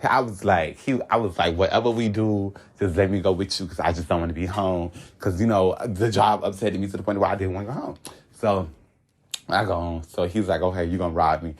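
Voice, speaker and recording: A young man from Florida telling a long story in casual chat, animated, laughing often, with sudden high-pitched outbursts and slang-heavy speech. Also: a little fast. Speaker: podcast guest telling a story.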